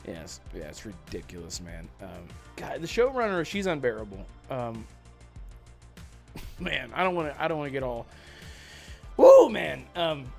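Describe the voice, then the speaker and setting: Joking male podcast host, bright and lively, faint music behind. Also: fairly high pitch. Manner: joking, animated, laughs often. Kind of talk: casual chat.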